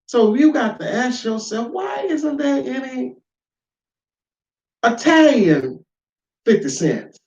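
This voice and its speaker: Man, informal lecture, emphatic, rhetorical questions, slow delivery, roomy echo. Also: very high voice, big pitch swings, distant mic. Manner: emphatic, asks rhetorical questions, swings between loud and quiet. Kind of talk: informal spoken lesson. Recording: echoey room, dull lo-fi sound.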